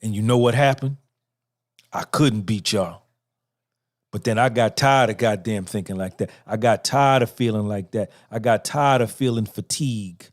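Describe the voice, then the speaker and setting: A man's voice: fairly low pitch, moderate pace. A middle-aged man hosting a podcast, giving a profane, repetitive motivational monologue and talking back and forth with himself. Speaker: podcast host.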